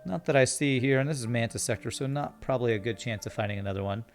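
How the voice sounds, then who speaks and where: A man's voice: medium pitch, fast, soft background music. A man from Canada streaming a video game, reading chat and playing up an overly polite, apologetic manner. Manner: mock-polite, cheery and apologetic.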